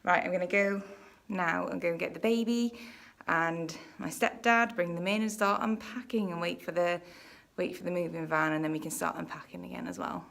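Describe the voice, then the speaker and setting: A breathless woman vlogging a walk through an empty house, talking casually between excited exclamations. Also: lowish voice, normal speed, creaky. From England. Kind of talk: casual house tour vlog. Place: empty house with bare rooms. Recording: echoey empty rooms.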